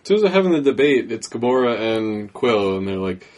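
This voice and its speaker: A man's voice: on the low side, sing-song, brisk, darkish tone. A man in casual movie talk who throws in short, dry remarks.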